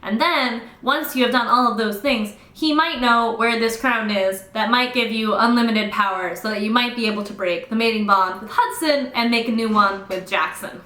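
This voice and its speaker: A young woman casually recapping a novel with sarcastic, fast-talking, swear-heavy humor. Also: a little high, bright, forceful tone. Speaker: book reviewer. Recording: roomy echo.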